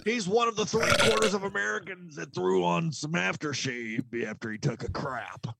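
A middle-aged man co-hosting a podcast, teasing his partner and giving earnest thanks and shout-outs. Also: high-pitched, normal speed, vocal fry, a crowd in the background. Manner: teasing, heartfelt sign-offs. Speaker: podcast co-host. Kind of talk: casual podcast banter.

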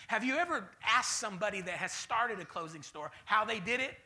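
A man preaching a sermon as pastor, swinging between loud bursts and mocking voices. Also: sits high, animated, fairly quick, few pauses.

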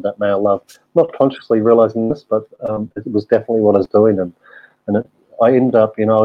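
A man's voice: lowish voice, no room sound, lo-fi sound. A middle-aged man, a guest telling his life story candidly, with frequent fillers and swearing. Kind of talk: personal storytelling.

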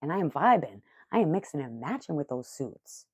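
Low-voiced excitable middle-aged woman. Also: a little fast, husky, no echo, clean studio sound. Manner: excitable, profane, rambling. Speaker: vlogger. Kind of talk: casual chat.

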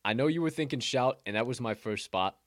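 A man's voice: mid-range voice, lively intonation, a little fast, dry recording, studio quality. A young man co-hosting a casual podcast chat, swearing often and laughing as he rambles. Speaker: podcast co-host.

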